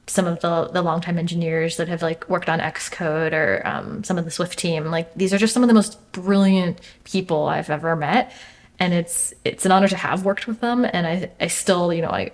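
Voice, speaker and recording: A woman's voice: on the low side, steady tone, normal speed. A young adult woman chatting as an interview guest, thoughtful, with many fillers and restarts. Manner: thoughtful, frequent fillers and restarts, laughs easily. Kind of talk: casual interview chat.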